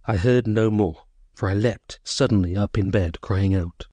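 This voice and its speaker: Man, audiobook narrator, low mellow voice, dry close recording, measured and sorrowful. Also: no echo.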